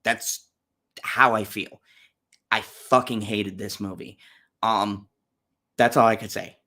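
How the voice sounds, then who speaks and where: A man's voice: lowish voice, fairly even intonation, slow, bright, forceful tone. A man hosting a casual movie-review chat, ranting bluntly and profanely with frequent fillers and restarts. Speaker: channel host reviewing movies.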